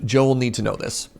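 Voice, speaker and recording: A man chatting through a live game stream, his voice swinging widely up and down as he reacts. He talks casually and excitably to his viewers, with faint music playing behind him. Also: medium pitch, vocal fry, breathy edge.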